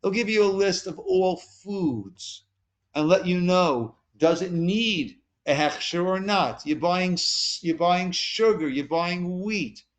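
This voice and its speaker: A man's voice: high-pitched, takes it slowly. A man who is a rabbi, giving an informal lesson to a small group in a conversational way, asking them questions and retelling stories with quoted dialogue. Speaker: rabbi teaching a class. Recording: recorded conference call.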